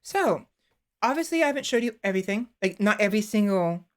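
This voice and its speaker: Chatting casually, a young woman streamer rambles along fast in a sing-song, medium-pitched voice. She fills her talk with fillers and restarts and toys with her voice as she goes.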